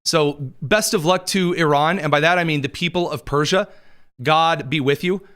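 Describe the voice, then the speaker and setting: Guy hosting a news show, kinda high voice, sarcastic quips, throat a bit dry. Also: a bit bright, clean tone. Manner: wry, quick asides, laughs at own jokes. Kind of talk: sarcastic political news commentary.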